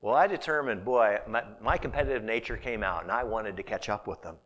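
This sermon comes from a middle-aged pastor whose voice sits fairly low and moves a little fast. He tells stories with lively energy, now and then sinking into a hushed whisper.

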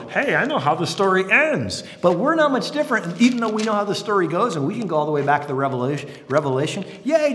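A man in his fifties preaching a sermon, telling stories and acting out the voices of the people in them. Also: high-pitched. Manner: animated storytelling, acting out voices. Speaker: pastor. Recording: echoey hall.

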